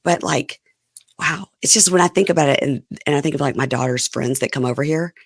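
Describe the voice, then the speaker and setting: Hoarse, gravelly woman in her fifties. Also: sits low, brisk, no echo, studio quality. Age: 50s. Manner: chatty and candid, animated asides. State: hoarse, voice going out from illness. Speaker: podcast host. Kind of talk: casual reality TV recap chat.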